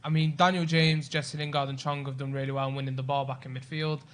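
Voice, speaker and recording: A man giving quick analysis of a match on a live stream. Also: medium pitch, flat delivery. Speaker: panelist. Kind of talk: casual live-stream chat.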